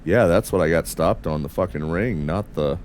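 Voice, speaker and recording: In casual gameplay commentary, a man from the United States streams a space game, muttering and swearing to himself and his chat as he flies. His accent is a mix, neither northern nor southern, and his gravelly voice is deep and darkish, at normal speed, with slight background noise.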